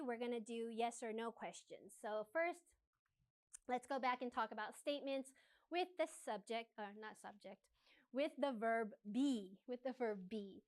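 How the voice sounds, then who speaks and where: Casting: female English teacher, slightly high voice, clear demonstration of question intonation. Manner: repeats example sentences with rising question intonation. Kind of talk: grammar lesson.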